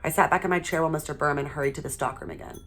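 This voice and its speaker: A woman teacher reading a children's chapter book aloud in a steady, expressive way. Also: low-pitched, rapid-fire.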